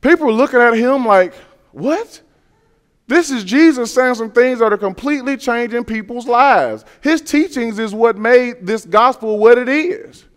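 A man's voice: extremely high pitch, normal speed, few pauses, smooth. A man preaching a sermon to his congregation, talking emphatically, repeating his phrases and asking rhetorical questions.

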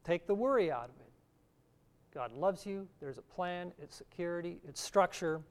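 A man's voice: high-pitched, animated, moderate pace. A middle-aged man giving a sermon, teaching earnestly and reading scripture aloud. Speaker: preacher.

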